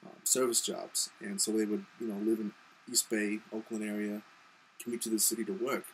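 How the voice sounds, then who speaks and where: A man's voice: lowish voice, flat delivery, normal speed, a little hiss or hum, low-quality recording. Rambling young man from Montana. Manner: rambling, lots of ums and you-knows. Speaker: video blogger. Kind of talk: casual reply vlog.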